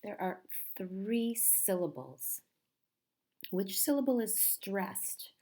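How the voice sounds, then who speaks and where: A woman teaching a pronunciation lesson, speaking slowly and patiently and repeating each word carefully. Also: mid-range voice, expressive, mellow.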